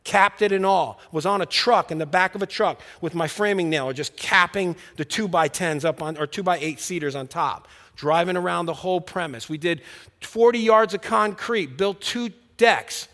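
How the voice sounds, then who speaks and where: A man with a high voice preaching a sermon, telling his own story and acting out the dialogue. He turns earnest and drops quiet on the words that matter. His voice rings with the long reverb of a big hall. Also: moderate pace. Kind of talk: sermon with personal testimony.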